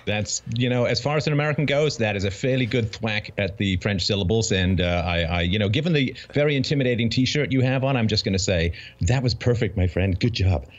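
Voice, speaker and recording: Low-voiced wry man on a dull line. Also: quick pace, few pauses. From Ireland, raised in Canada. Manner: wry, articulate storyteller. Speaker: guest commentator. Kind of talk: casual talk show conversation.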